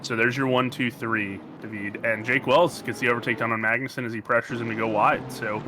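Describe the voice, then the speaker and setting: A man's voice: mid-range voice, steady tone, over music. A man with an American accent giving casual, joking commentary on a sim race. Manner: jokey, rambling, quick to banter. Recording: noisy stream audio.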